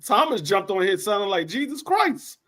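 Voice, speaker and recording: A man with a high, bright voice hosts a loose sports chat. His pitch swings widely as he jokes and teases his co-hosts in animated banter. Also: normal speed. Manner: joking, animated banter with laughs. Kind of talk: casual sports talk.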